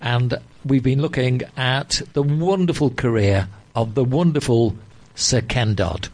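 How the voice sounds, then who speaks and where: A man's voice: mid-range voice, measured pace, darkish tone. A man hosting an interview, prompting his guest with leading questions. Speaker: host. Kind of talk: interview presenting.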